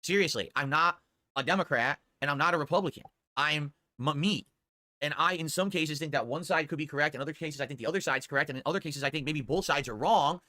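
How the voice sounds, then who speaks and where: Guy livestreaming, talks super fast, rambles and repeats himself, bright voice. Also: fairly high pitch, no echo. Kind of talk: casual stream chat, reading viewer tips.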